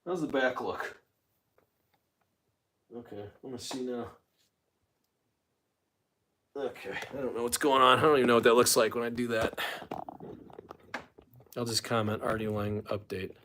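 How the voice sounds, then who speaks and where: Streaming solo from home, a middle-aged man rambles and jokes straight to the people watching. His mid-range, fairly bright voice keeps a fairly even intonation at a moderate pace, broken by long pauses, over slight background noise.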